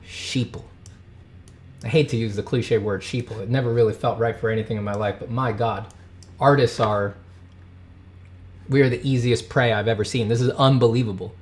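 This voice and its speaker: A man in his thirties rants on his livestream, reading chat messages aloud between outbursts. He swears freely and his voice swings from loud, pitched-up anger down to low, quiet grumbling. His pitch sits in the middle range. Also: fairly even intonation, brisk. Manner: heated, swearing, swings from shouting to muttering. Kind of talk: casual livestream rant.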